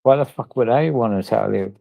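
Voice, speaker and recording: A man's voice: mid-range voice, a little fast, vocal fry, warm tone, no echo, low-quality recording. A drunk man, ranting on a livestream in a profane, rambling and repetitive way. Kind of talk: angry livestream rant.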